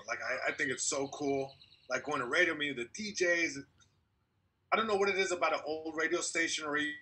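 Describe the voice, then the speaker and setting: A young male comedian tells a winding story in relaxed podcast chat, acting out what everyone said. His voice is bright and a little husky. He sounds like he's coming through a video call. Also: on the high side. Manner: animated storyteller, acts out quotes, laughs. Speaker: comedian guest.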